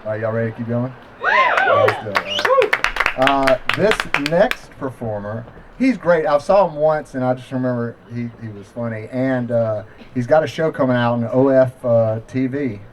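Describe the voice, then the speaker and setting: A man's voice: medium pitch, moderate pace. A man hosting an outdoor comedy show, rambling loosely through a casual introduction full of filler words. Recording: loud crowd and noise at live outdoor show.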